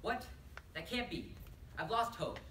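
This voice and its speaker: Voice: medium pitch, sing-song, measured pace, sharp tone. A performer voicing an awkward, nervous young man in a competitive humorous interpretation, stammering and fretting. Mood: flustered. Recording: roomy, distant, noisy tournament room.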